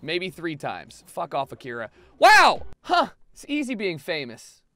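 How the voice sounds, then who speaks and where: A young man giving casual, profane commentary over a life-sim game, often yelling at what happens on screen. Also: on the high side, normal speed, no echo. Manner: profane, excitable, yells at the game. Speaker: gaming YouTuber.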